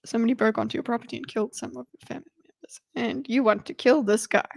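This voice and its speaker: This streamer talks fast, her fairly high voice gravelly but steady in tone. She reads through a debate and breaks it down for her livestream audience, chatting loosely, cracking jokes and half-muttering asides to herself.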